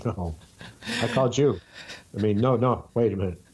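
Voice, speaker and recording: A man's voice: fairly low pitch, normal speed, a little mellow, breathy edge. A man in casual conversation who teases his friend, laughs often and rambles. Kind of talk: casual chat.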